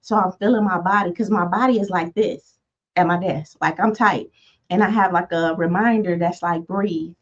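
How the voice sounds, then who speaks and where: A woman in her forties leads a motivational self-help talk in a soft, gentle tone. She speaks conversationally, wandering into asides and fillers as she goes. The audio is a little dull and lo-fi. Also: fairly low pitch, steady tone, normal speed. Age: 40s. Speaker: self-help podcast host.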